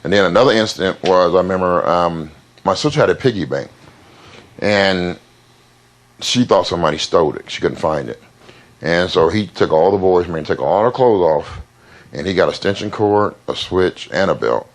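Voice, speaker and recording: Deep-voiced man, interview guest, plain halting storyteller with fillers. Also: lively intonation.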